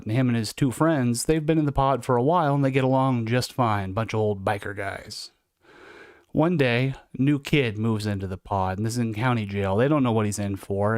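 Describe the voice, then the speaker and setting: A man tells stories to his livestream viewers in a relaxed, conversational way. His voice sits at an average pitch for a man. The sound is dry and close, with no room echo. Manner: conversational and reflective. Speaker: livestream host recounting incarceration. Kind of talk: casual storytelling monologue.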